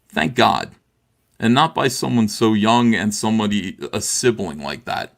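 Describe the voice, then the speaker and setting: A middle-aged livestream guest on a video call talks with impassioned heat at a measured pace, his lowish voice expressive and marked by vocal fry. He's repetitive, restarting frequently with lots of "uh"s.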